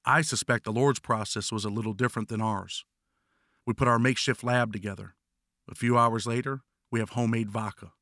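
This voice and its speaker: Forceful wry male memoir narrator. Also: medium pitch, fairly even intonation, brisk, no echo, studio quality. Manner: blunt, wry storytelling. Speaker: author narrating his memoir.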